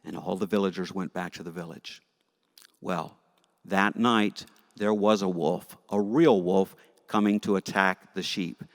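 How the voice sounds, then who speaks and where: A man teaching Sunday school, telling a story to children in a playful, animated, jokey way, in a church with long reverb. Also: sits low, a little slow. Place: church sanctuary.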